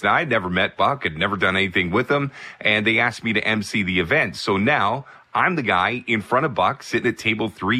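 A baseball broadcaster telling a casual personal anecdote, animated and full of asides. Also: male voice, on the low side. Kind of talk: casual storytelling.

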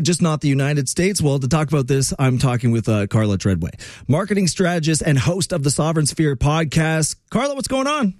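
A man hosting a casual political talk podcast, chatty and excitable, joking as he introduces his guest. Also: mid-range voice, dry recording, clean studio sound. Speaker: podcast host.

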